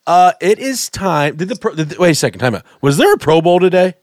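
A man's voice: high-pitched, very animated, fast talker, dry recording. A man hosting a casual sports podcast, rambling and joking, often trailing off and restarting. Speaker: podcast host. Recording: dry podcast mic.

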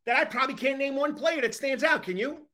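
Brief: upbeat male sports talk host, high and bright-voiced, leads the chat. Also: fast. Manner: upbeat, playful, leading the topics.

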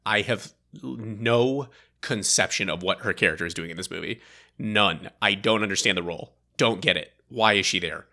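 A man co-hosting a podcast, chatting casually about a film in a rambling, animated way and laughing often. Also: fairly low pitch, moderate pace. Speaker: podcast co-host. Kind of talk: casual movie review chat.

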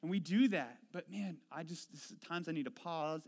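A man preaching a sermon, telling self-deprecating stories that swing from quiet reflection to animated retelling. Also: fairly high pitch, normal speed. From Washington State. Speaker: pastor.

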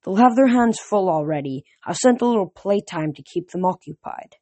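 A hulking general with a stony, brutal presence booms and growls with contempt at his underlings, as a reader puts him on. He sounds like a born commander in an audiobook. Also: expressive, normal speed, mellow, dry recording, close to an everyday voice. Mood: calm, commanding. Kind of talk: audiobook character voice.

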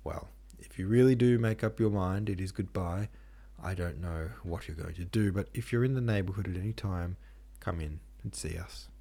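A man's voice: low-pitched, moderate pace, gravelly, few pauses, dark tone. A man reading as a fussy little clerk. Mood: disapproving. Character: funny little middle-aged managing clerk, disapproving.

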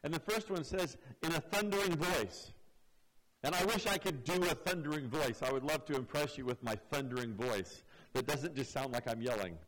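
A man's voice: on the high side, moderate pace, a bit bright, rough recording. Man preaching a verse-by-verse sermon. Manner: explanatory, repeats words when restarting. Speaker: pastor. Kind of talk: sermon teaching.

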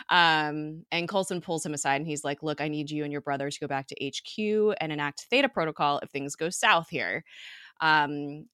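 A woman's voice: sits low, a bit bright, dry recording, studio quality. A young woman recapping a TV episode in a casual, chatty way, full of fillers, asides and giggles.

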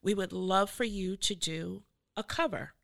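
Gravelly, bright-voiced woman telling a story. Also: mid-range voice, measured pace. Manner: animated, acts out quoted voices, laughs often. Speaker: artist and art professor. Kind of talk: storytelling in a podcast conversation.

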